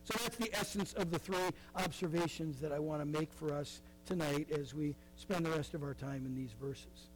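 Man preaching a sermon, middle-aged, high voice, chatty with asides, faint hum behind. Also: moderate pace, few pauses. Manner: conversational preaching, many asides and fillers. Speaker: pastor.

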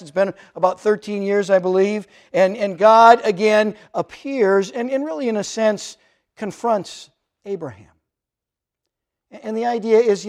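High-voiced man preaching a sermon. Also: darkish tone. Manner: conversational preaching with frequent restarts and quoted speech. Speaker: pastor.

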